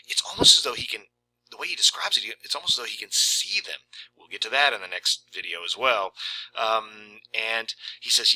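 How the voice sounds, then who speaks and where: Bright-voiced man discussing a story. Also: lowish voice, lively intonation, moderate pace, rough recording. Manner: conversational, frequent "right?" asides. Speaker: literature video presenter. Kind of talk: casual discussion of a short story, reading passages aloud.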